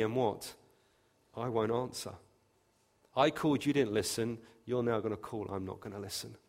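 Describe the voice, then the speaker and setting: A man preaching a sermon, emphatic, with his voice lifting and growing louder when he quotes scripture. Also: mid-range voice. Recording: long reverb of a hall.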